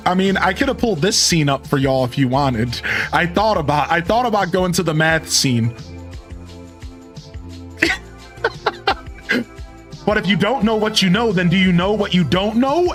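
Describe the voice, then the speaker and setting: A man's voice: sits high, expressive, unhurried, long pauses, a bit bright, faint music behind. A man in his thirties rambling casually with his live-stream viewers, chuckling and thanking them by name. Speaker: game streamer.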